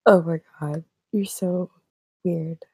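A woman's voice: lowish voice, fairly even intonation, slow pace, darkish tone, slightly rough, no echo, clean studio sound. A young woman hosting a casual podcast chat, giggly, exclamatory and swearing freely. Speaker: podcast host.

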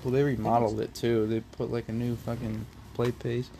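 A man's voice: mid-range voice, level tone, brisk, creaky, dark tone. A young man in casual chat, ranting bluntly and swearing a lot. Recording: faint background noise.

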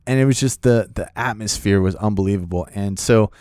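A man telling a casual anecdote about acting in a movie, excitable and rambling, with many fillers and restarts. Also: fairly low pitch, brisk, no echo, clean studio sound. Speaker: actor telling a set story.

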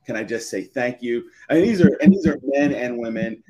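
A man's voice: medium pitch, animated, normal speed, highs cut off, over a noisy crowd. Middle-aged man telling a rambling story. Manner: rambling, repeats and restarts phrases, emotional. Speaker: podcast guest. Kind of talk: storytelling in a live chat.

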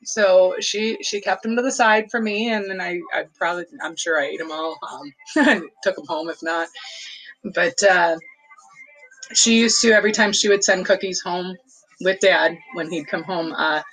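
A woman's voice: fairly low pitch, normal speed, fairly bright tone, soft background music, rough recording. A woman casually telling a nostalgic family story, rambling with lots of fillers and laughs. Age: adult. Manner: fond, nostalgic recollection.

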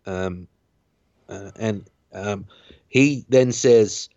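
A man's voice: fairly low pitch, extremely slow, mellow, no echo. Man rambling through a film recap. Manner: rambling retelling with fillers and restarts. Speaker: podcast host. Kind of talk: casual film recap chat. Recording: dull lo-fi dry sound.

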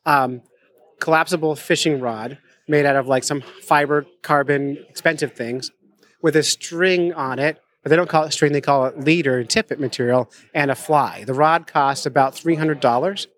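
A man's voice: on the high side, fairly even intonation, normal speed, a bit bright. A man hosting a podcast live at a conference, chatting casually with jokey, self-mocking asides. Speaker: podcast host. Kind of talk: casual chat at a conference table. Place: conference venue.

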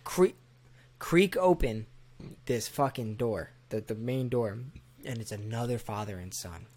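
A man, father of a toddler, telling a profane comic story with animated delivery, often laughing as he goes. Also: fairly low pitch, moderate pace. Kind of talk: comedic storytelling.

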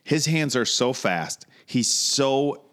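Male podcast host at a middle pitch; rambling, animated, swears freely. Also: slow. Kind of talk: casual chat.

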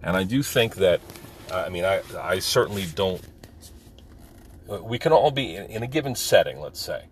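A man's voice: low-pitched, lively intonation, normal speed, slight background noise. A man and military veteran talking candidly in a casual monologue, rambling with many fillers.

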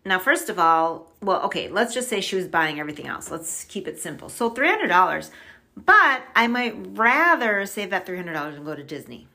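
A woman's voice: on the low side, very animated, normal speed, pushed and bright. A middle-aged woman chatting casually as a podcast guest, upbeat and talkative, often saying "like" and laughing easily. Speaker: podcast guest on money mindset. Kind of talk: casual chat.

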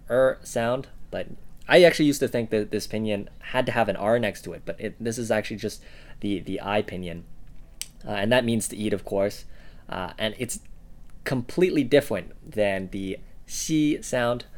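A man co-hosting a casual podcast lesson, offering example words in a relaxed way with many "uh" and "um" fillers. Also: lowish voice. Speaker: co-host giving examples.

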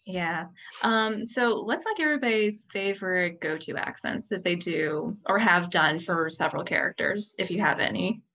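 A woman's voice: on the low side, normal speed, pushed and bright. A woman hosting a casual chat, asking the others questions and laughing easily. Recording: dull lo-fi recording.

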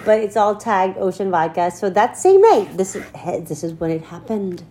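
A woman of middle pitch co-hosting a casual podcast and telling a story. She gets animated, laughs freely and drops the odd curse word. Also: moderate pace, a little hiss or hum. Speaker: podcast co-host.

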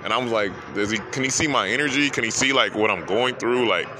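A man's voice: medium pitch, fast, crowd noise. A man hosting a podcast, talking through an emotional personal story in a heartfelt, rambling way that repeats phrases, holding back tears. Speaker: podcast host.

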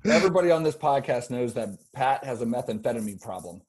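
Husky rambling podcast storyteller man. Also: mid-range voice, animated, quick pace, darkish tone. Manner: rambling storyteller, many restarts and fillers. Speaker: podcast host. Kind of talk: casual podcast chat.

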